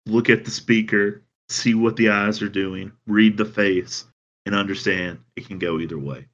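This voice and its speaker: A man with a Southern American accent, chatting casually as a podcast co-host and telling things in a dry, deadpan way. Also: lowish voice. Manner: dry, deadpan storytelling with drawn-out phrases. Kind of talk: casual chat. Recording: dull lo-fi sound.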